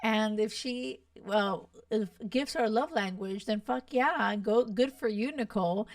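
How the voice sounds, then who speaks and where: A young woman hosting a podcast, chatting in an animated, gossipy and blunt way with lots of swearing. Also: on the high side, a little slow, no echo, clean studio sound, recorded from a distance. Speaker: podcast host. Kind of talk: casual chat reacting to a reality show.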